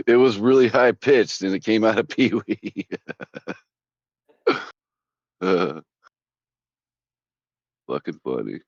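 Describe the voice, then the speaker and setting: A man's voice: lowish voice, lively intonation, drawn-out words, long pauses, slightly rough, no room sound. A man chatting casually on a stream, laughing often and bantering with friends. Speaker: stream guest. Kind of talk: casual chat. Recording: dull lo-fi dry mic.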